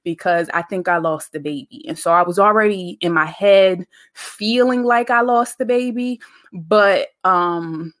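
A woman's voice: fairly low pitch, a little slow, a bit bright. A woman hosting a podcast, talking in a casual, preachy, faith-based monologue full of slang. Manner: conversational, preachy, uses slang and dialect grammar. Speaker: podcast host.

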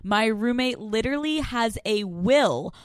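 A woman's voice: a little high, expressive, a little slow, dry recording. A young woman co-hosting a podcast, chatting bluntly and laughing often as she tells stories. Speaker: podcast co-host. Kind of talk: casual chat.

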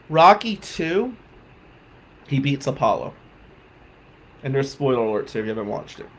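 A man telling a personal story on his podcast, heartfelt, moving between loud emphasis and quiet reflection. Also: medium pitch, sing-song, moderate pace, pauses often, a little hiss or hum, poor audio. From South Jersey. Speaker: podcast host.

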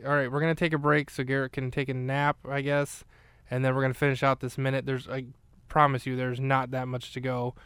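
A man rambles through a casual podcast recap, his voice smooth and clear with an even, fairly flat delivery. He is recorded close in a dry room with no echo, and he pads his talk with fillers and restarts. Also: mid-range voice, a little fast, hardly any pauses. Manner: rambling, chatty, with many fillers. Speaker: podcast host recapping a film. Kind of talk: casual chat.

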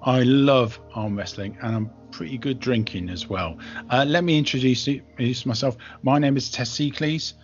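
A man's voice: mid-range voice, moderate pace, lo-fi sound, soft background music, lightly acted. A man voicing a very large, boastful, muscly man who bursts in cheerfully cocky and brags about his strength. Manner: loud, brash greeting, bragging.

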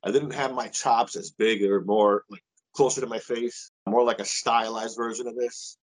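A middle-aged man spins a story in an interview, his voice sitting at an everyday middle pitch. He talks in a lively, loose, casual way and swears freely. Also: moderate pace, low-quality recording. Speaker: guest.

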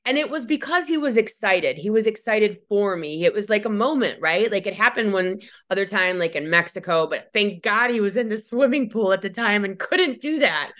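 A woman hosting a podcast, telling a story in casual chat with lively, animated delivery and frequent laughter. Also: mid-range voice, moderate pace, few pauses. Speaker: podcast host.

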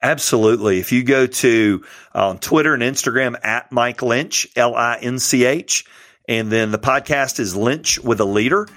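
A man's voice: mid-range voice, normal speed, no echo, studio quality. Earnest man telling stories. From Georgia, US. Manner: earnest storytelling, warm about mentors. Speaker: pastor and podcast guest. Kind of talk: casual interview chat.

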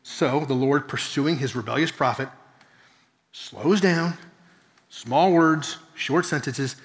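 A man's voice: mid-range voice, animated, moderate pace. A man preaching a Bible-teaching sermon, earnest and explanatory, with rhetorical questions and occasional self-corrections. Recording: long reverb of a large hall.

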